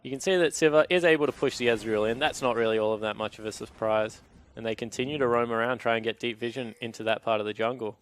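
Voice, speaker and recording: A man's voice: mid-range voice, fast, smooth. A man giving analytical color commentary on an esports match, with dry teasing banter toward his co-caster.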